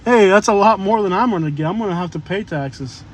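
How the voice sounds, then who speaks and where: A man with a notably high voice talks to his livestream audience while in a car. He drifts from topic to topic in a loose, joking, chatty way. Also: a little fast. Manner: rambling, joking, chatty asides to viewers. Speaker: live-stream vlogger. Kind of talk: casual live-stream chat.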